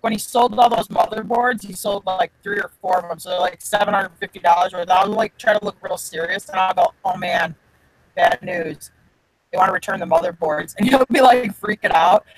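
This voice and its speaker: A man guesting on a casual chat, telling lively anecdotes, acting out quotes and swearing casually. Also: sits high, fairly quick, few pauses, crowd noise, low-quality recording. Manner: animated storyteller, acts out quotes, swears casually. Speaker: guest reseller.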